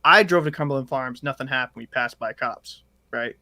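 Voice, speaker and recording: A man co-hosting a casual podcast, telling a story in a rambling, animated way with lots of fillers and swearing. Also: mid-range voice, normal speed, no room sound. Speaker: podcast co-host.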